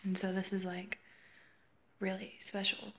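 A woman's voice: mid-range voice, level tone, a little slow, fairly bright tone. A woman vlogging in a casual, chatty way indoors at her grandmother's house, cooing baby talk at her cat and teasing it playfully. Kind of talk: casual vlog chat.

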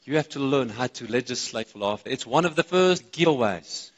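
A man with a South African accent preaching a sermon, excitable and chatting with the congregation between points. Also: mid-range voice, brisk. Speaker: pastor. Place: church auditorium. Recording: reverberant church hall.

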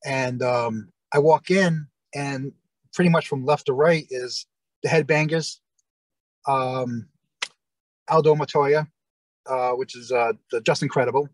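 A man's voice: mid-range voice, measured pace, long pauses, dry recording, poor audio. A man, a guest in an interview, telling a long story in a rambling way with many fillers and restarts, acting out other people's lines.

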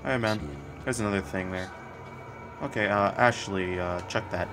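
Lowish-voiced guy cussing his way thru a game, quick reactions, faint music behind. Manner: swears often, blurts out reactions. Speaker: gameplay streamer. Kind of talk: profane casual gameplay commentary.

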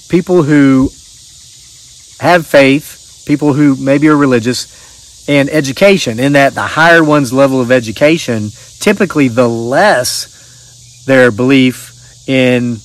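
A middle-aged man hosting his channel, chatting casually in a rambling, folksy way and reading out viewer stories. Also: medium pitch. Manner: rambling, folksy, restarts often. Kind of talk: casual chat and reading aloud.

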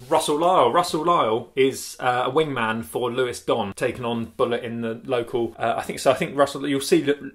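A man at mid pitch talks to camera for a cycling vlog in a loose, rambling way. He stops and restarts his sentences and laughs often as he goes. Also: fairly bright tone. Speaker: cycling vlogger. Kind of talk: casual chat to camera.

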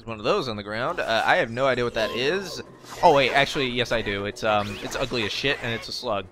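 A man's voice: mid-range voice, fast, background noise. A young man giving casual, jokey gameplay commentary, talking back to the game and swearing now and then. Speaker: let's play gamer. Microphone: facecam desk mic. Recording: game music underneath.

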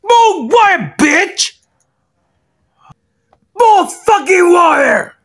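A woman's voice: fairly high pitch, very animated, slow pace, dry recording, clean studio sound. Woman playing a foul-mouthed bossy brute. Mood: demanding. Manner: crude, shouting, bossy. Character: rude foul-mouthed character barking for water. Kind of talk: fan plush-toy video acting.

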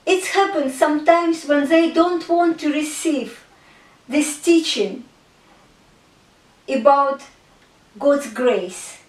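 A woman retells a Bible parable in a slow, earnest storytelling manner. Her voice sits high, and her phrasing is simple and unhurried. The recording is roomy, with the mic set a little away from her. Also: far from the mic. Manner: slow, earnest storytelling with non-native grammar. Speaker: Christian artist and speaker. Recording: echoey room, speaker away from mic.

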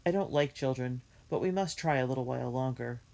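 A woman's voice: rumbling low, a little fast, gravelly, mellow. A woman voicing a cold, unkind grown woman who speaks curtly and dismissively, in a storybook reading. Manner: curt, dismissive.

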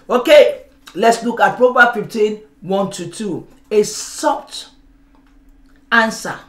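A middle-aged woman pastor preaching a sermon, calling on the congregation to respond and acting out everyday examples. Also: on the low side. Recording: roomy church sound.

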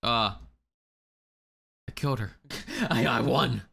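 A man commentating a video game casually, reacting loudly and reading on-screen text aloud. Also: mid-range voice, slow, vocal fry, breathy edge. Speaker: gaming YouTuber. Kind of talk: casual let's play commentary.

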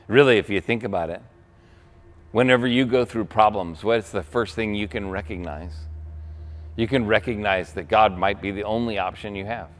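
A man's voice: on the low side, normal speed. Young guy pastor preaching, chatty sermon, keeps asking the room "right?". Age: young adult. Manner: conversational preaching with frequent "right?" asides.

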